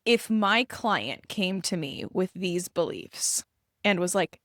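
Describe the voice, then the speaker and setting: An expressive woman co-hosting a podcast, her pitch swinging widely as she alternates quick bursts with slow, pointed phrases. The sound is close and dry, with no room around it. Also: no echo. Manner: animated, emphatic, shifts between quick bursts and slow deliberate phrasing. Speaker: podcast co-host and embodiment coach. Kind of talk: casual podcast chat.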